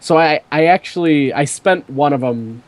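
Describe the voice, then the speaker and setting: A man's voice: on the high side, moderate pace. A young man hosting a podcast, telling a rambling story in casual chat with lots of fillers. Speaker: podcast host.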